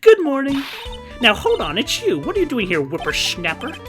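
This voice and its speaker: A man voicing a nosy, cantankerous old woman in a video game, with shrill scolding chatter. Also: huge pitch swings, moderate pace, over music, heavily acted. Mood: indignant.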